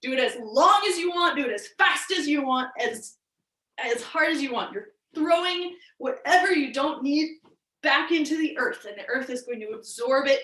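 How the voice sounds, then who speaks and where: A woman's voice: high-pitched, expressive, moderate pace, pushed and bright. A woman guiding a movement lesson in a playful way, laughing easily as she explains. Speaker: energy work teacher. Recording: echoey room.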